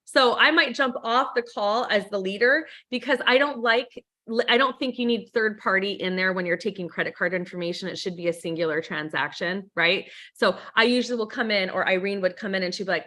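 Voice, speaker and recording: A woman with a bright, forceful voice runs a team training over a video call. She coaches in an upbeat way and slips into sample phone calls to show how it's done. Her pitch sits in a middle range. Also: brisk, hardly any pauses.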